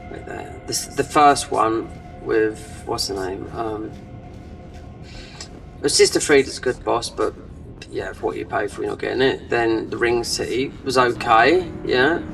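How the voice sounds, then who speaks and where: A man's voice: mid-range voice, a little slow, gravelly, a bit bright, recorded from a distance, soft background music, poor audio. Rambling man narrating gameplay. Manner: rambling, trailing off, many fillers. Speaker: gaming channel host. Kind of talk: casual gameplay commentary.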